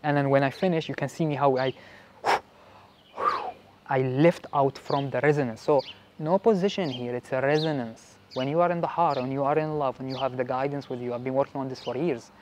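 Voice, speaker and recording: A man vlogging about his spiritual practice in casual talk, halting and repeating words as he searches for his phrasing. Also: medium pitch, steady tone, noisy background. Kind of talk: casual explanatory vlog talk.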